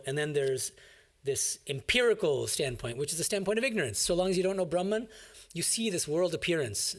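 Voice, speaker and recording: A monk speaks to his class in a lively, explanatory way and stresses his key points. His voice sits a little high for a man. The tone is that of a classroom commentary. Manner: animated, explanatory, emphatic. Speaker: monk teaching a scripture class. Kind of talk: classroom commentary on a scripture reading.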